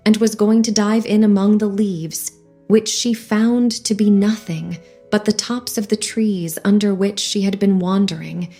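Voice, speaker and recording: A woman narrating an audiobook in a measured storytelling manner. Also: mid-range voice, mellow. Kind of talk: scripted narration.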